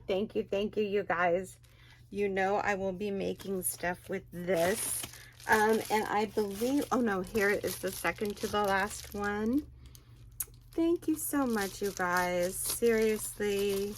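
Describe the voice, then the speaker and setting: Gushing woman unboxing gifts, slow-paced. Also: mid-range voice. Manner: gushing, exclaims often. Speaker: crochet vlogger. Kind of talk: excited unboxing chat.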